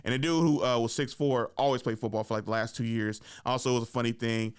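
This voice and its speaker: A young man hosting a podcast, telling a story in a casual, animated way, full of slang and swearing, acting out what people said. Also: medium pitch, quick pace, clean tone. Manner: animated, acts out quotes, swears freely, slangy. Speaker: podcast host.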